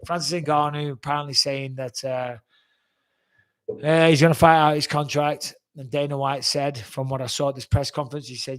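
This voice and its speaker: A man's voice: mid-range voice, steady tone, normal speed. A man in his forties, answering fan questions in a blunt, rambling way and swearing freely. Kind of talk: casual fan Q&A.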